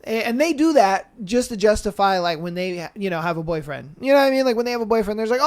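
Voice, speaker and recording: A man's voice: high voice, animated, fairly quick, hardly any pauses. A young man hosting a podcast, chatting casually and reading listener stories aloud in a laid-back, slangy way full of fillers. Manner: slangy and laid-back, heavy with fillers like "bro" and "you know". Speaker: podcast host.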